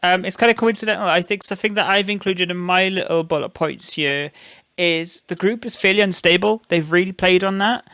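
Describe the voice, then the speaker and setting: A man's voice: sits high, fairly quick, bright, forceful tone, clean tone, no echo, studio quality. A man co-hosting a casual wrestling talk show, easygoing and thinking aloud. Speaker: podcast co-host.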